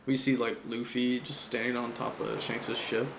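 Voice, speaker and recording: A man chats loosely about an anime, and his voice has a gravelly fry to it. He talks in a slangy, profane way and laughs often. The room sounds echoey, with a faint hum underneath. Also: medium pitch, flat delivery, moderate pace. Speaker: anime reviewer. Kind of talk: casual chat.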